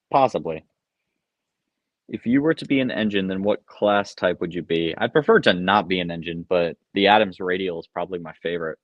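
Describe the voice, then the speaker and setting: A man's voice: on the low side, dry recording. A young man hosting a live stream, reading chat questions and answering them offhand with many ums and uhs. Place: basement room at home. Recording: dull lo-fi sound.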